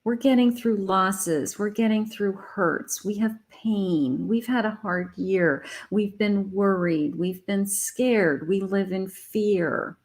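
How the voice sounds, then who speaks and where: A middle-aged woman gives a live tarot reading, unhurried and deliberate. She sounds emotional and uplifting and repeats her affirmations. Her pitch sits at an ordinary middle height. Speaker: psychic tarot reader. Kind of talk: live spiritual reading to viewers.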